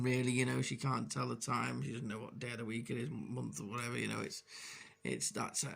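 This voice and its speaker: Speaking to the camera for his video diary, this vlogger has a very creaky, gravelly voice, mid-range in pitch and fairly bright. He's open about struggling, hesitating often and restarting amid lots of fillers.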